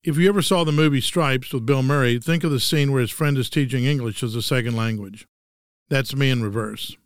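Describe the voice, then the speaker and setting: A Texan host in his sixties delivers a scripted solo monologue full of dry, wry humor. His smooth, resonant voice is at an ordinary pitch and a little fast, recorded dry with no echo or room sound.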